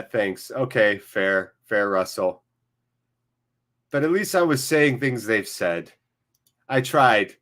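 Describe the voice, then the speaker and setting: A man with a fever, hosting a casual live football watchalong, rambling, self-mocking and swearing casually. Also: mid-range voice. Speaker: livestream host.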